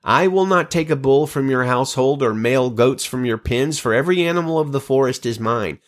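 A man reading Bible passages aloud in a measured, steady voice, lifting his pitch for quoted speech. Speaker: scripture reader.

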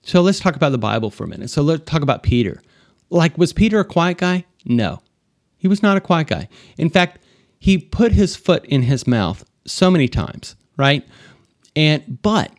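A man's voice: mid-range voice, darkish tone, no room sound, studio quality. A man hosting a podcast, telling a personal faith story in a loose, rambling way with many fillers. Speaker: podcast host. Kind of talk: casual spoken testimony.

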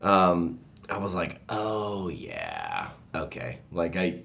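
A man's voice: deep voice, huge pitch swings, takes it slowly, gravelly, fairly bright tone, faint music behind. A man co-hosting a radio show, telling a story earnestly in casual chat.

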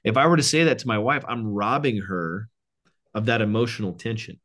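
A man who is a guest and men's coach on a podcast, telling animated stories and acting out quoted lines, growing excited as he talks. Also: lowish voice, fairly quick. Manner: animated storyteller, quoting others, excited. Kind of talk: casual interview chat.

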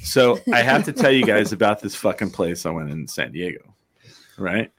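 Low-voiced man telling a rambling story. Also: lively intonation, moderate pace, fairly bright tone. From New Mexico, USA. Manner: rambling, profane, laughs often. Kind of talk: casual storytelling chat.

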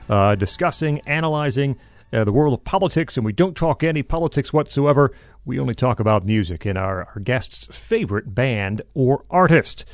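Chatty guy hosting a podcast, voice jumps up and down a lot, dry close mic. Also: no room sound. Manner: upbeat and chatty, with ups and downs in his pitch. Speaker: podcast host. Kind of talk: podcast intro and casual chat.

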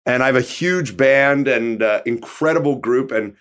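A man's voice: medium pitch, moderate pace, a bit bright. A male voice-over artist chatting as a guest, telling self-deprecating stories. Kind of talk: casual chat, telling anecdotes.

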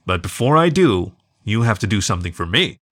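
A man voicing a middle-aged coyote uncle who talks in a gently playful way. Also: lowish voice, sing-song, a little fast, no room sound, clean studio sound.

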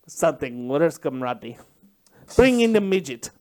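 A man's voice: on the high side, big pitch swings, unhurried, darkish tone, voice pushed down. A man voicing a menacing male Russian interrogator in a put-on Russian accent, making cold, theatrical threats.

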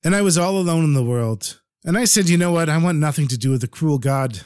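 A man's voice: on the high side, expressive, fast, darkish tone, clear, resonant tone, dry recording, studio quality, natural voice. A man voicing a lonely middle-aged male Holocaust survivor, speaking with emotion and pleading. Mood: bitter.

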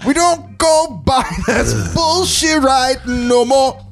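A man co-hosting a podcast, trading crude, loud jokes with friends and laughing often. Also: very high voice, very animated, slow, creaky, over music. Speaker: podcast co-host. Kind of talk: casual chat among friends.

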